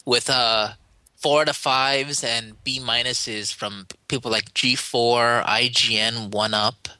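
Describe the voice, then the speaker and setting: Bright-voiced man rambling on a podcast. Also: medium pitch, steady tone, slow, no echo. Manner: rambling, stumbles and restarts. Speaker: podcast co-host. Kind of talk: casual podcast chat.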